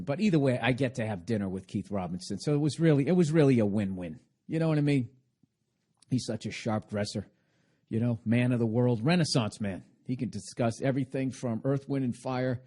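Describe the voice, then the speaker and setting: A man's voice: mid-range voice, dark tone. A man hosting a podcast, delivering a rambling, sarcastic comedic rant full of swearing. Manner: sarcastic, self-mocking. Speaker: podcast host.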